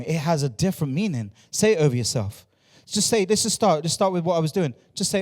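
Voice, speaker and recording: A man's voice: on the high side, lively intonation, brisk, darkish tone, in a large hall. A man preaching a sermon as pastor, repeating phrases and drawing answers from his congregation. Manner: repetitive, call-and-response with the congregation. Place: church.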